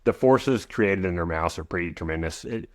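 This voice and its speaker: A man in his forties speaks in a very low, deep voice, recorded dry and close. He explains at length as a podcast guest, rambling with restarts and asides along the way. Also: lively intonation, normal speed, no room sound. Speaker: guest, equine veterinarian. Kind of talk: podcast interview.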